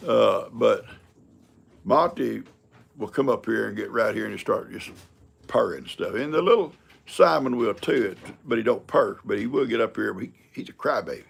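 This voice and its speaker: Gravelly older man chatting. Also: fairly low pitch, lively intonation, normal speed. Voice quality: gravelly, husky. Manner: folksy, rambling and chuckling, talks to his cats. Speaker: livestream host. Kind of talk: casual live-stream chat.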